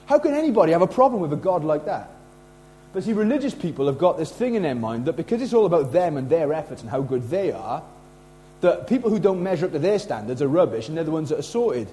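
Animated middle-aged preacher. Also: male voice, a little high, fast, a little hiss or hum, poor audio. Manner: casual, animated preaching with lively acted quotes. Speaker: pastor. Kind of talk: sermon.

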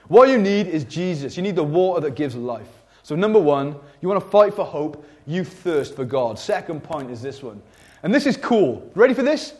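Animated preacher man, lively pitch. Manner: animated, jokey, conversational preaching. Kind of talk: sermon. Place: church service.

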